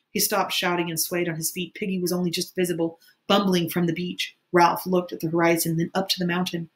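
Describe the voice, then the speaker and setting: A woman's voice: fairly low pitch, little pitch movement, brisk, hardly any pauses. Woman teacher reading a novel aloud. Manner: plain reading with occasional restarts. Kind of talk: audiobook reading for students.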